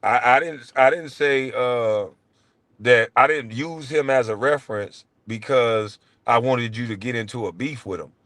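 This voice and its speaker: A man's voice: measured pace, dry recording. Blunt, profane man ranting. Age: middle-aged. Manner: profane, blunt, jumps between low mutters and loud outbursts. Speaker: show host. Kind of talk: heated livestream rant.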